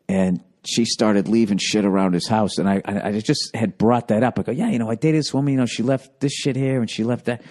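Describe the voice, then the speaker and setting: A man telling profane, rambling stories on a podcast and acting out the people in them. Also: fairly low pitch. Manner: profane, animated, acts out quoted voices. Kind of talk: podcast storytelling, rambling monologue.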